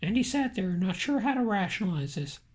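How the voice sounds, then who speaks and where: A woman narrating a novel in a steady, measured reading voice. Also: mid-range voice. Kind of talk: audiobook narration.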